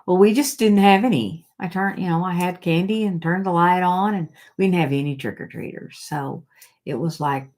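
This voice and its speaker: A woman's voice: lowish voice, normal speed, darkish tone. A middle-aged woman hosting a casual live chat, rambling and reading viewer comments aloud.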